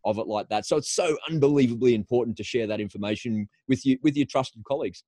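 A man hosts a casual studio interview. He tells stories with eager energy, stumbling over and repeating words as he thinks. His voice sits at an ordinary middle pitch with a close, dry sound and no room around it. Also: fast talker, dark tone, dry recording. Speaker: podcast host.

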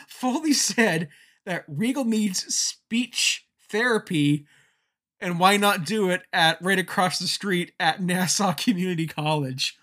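A man's voice: fairly high pitch, a bit bright. A man hosting a podcast, recapping casually with wry, chatty asides. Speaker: podcast host.

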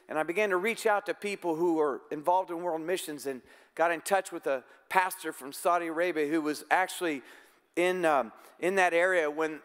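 Pastor, male, high and smooth, earnest conversational sermon, long church reverb. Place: church sanctuary.

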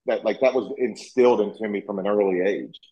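A man's voice: lowish voice, a little fast, warm tone. Man, Virginia accent, casual chat, self-correcting, muffled call sound. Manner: rambling, self-correcting, emphatic. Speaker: guest. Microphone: video call. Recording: dull lo-fi video call audio.

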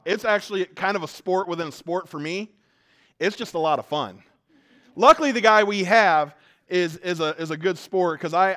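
A man preaching a sermon, telling self-mocking stories with lively jumps between loud and quiet. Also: high voice. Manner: joking, self-mocking storytelling; animated, swings from loud to quiet. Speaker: pastor.

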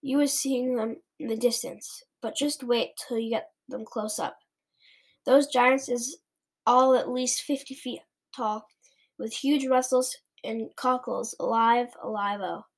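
In a storybook read-aloud, a woman gives voice to a big, kind male giant who garbles his words in a gentle, earnest way. Her pitch is slightly high, her intonation fairly even, and her pace a touch slow.

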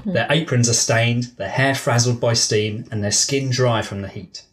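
A man's voice: mid-range voice, moderate pace, a bit bright. A man narrating improvised comic scenes in an amused, chatty way. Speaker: narrator and game runner.

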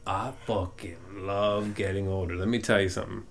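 A man's voice: low voice, fairly even intonation, moderate pace, vocal fry, slight background noise. A man co-hosting a podcast, rambling and swearing in an upbeat, casual way. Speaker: podcast co-host.

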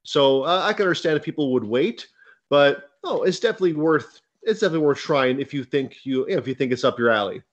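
A man speaking casually as a guest on a gaming podcast, measured with fillers and hesitations. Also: on the high side, animated, lo-fi sound. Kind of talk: casual chat.

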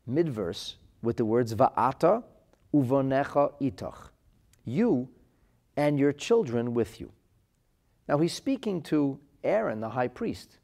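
A man's voice: medium pitch, vocal fry, breathy edge. A man teaching a religious text, reading out quotations and explaining them with emphasis. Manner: animated, emphatic, reads Hebrew quotes then translates. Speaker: Torah teacher.

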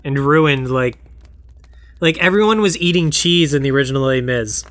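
Bright, higher-voiced man telling goofy stories. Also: normal speed, dry recording. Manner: spins absurd stories, acts out characters, swears freely. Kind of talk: casual comedic chat.

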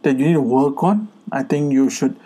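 A man's voice: medium pitch, moderate pace, mellow. A man co-hosting a podcast in casual chat, speaking earnestly with many fillers and restarts. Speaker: podcast co-host.

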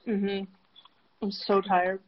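A woman's voice: medium pitch, little pitch movement, slow pace, slight background noise. A young woman co-hosting a podcast in casual chat, rambling and swearing freely, sounding tired. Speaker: podcast co-host. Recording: dull lo-fi sound.

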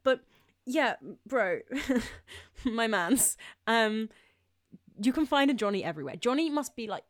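Giggly young woman, lively pitch. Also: unhurried, no echo, clean studio sound. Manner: giggly, animated, slangy. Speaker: podcast co-host. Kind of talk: casual chat.

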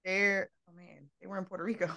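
A woman's voice: fairly low pitch, fairly even intonation, fairly quick, vocal fry, sharp tone. A woman guest chatting casually about wrestling in a wry, teasing way. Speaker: podcast guest.

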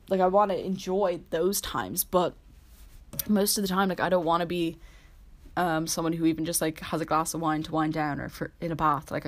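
Early-20s woman chatting solo on her laptop, kinda low voice, rambly, says like constantly. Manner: rambling, heavy use of "like", earnest. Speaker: host. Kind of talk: casual solo podcast chat.

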